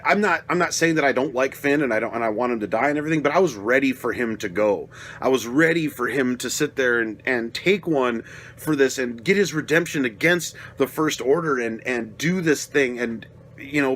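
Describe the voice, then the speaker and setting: This movie reviewer, a young man, wanders through his thoughts on a film, cursing freely and getting heated and louder as he goes. He speaks at medium pitch and fairly quickly, over a faint hiss or hum.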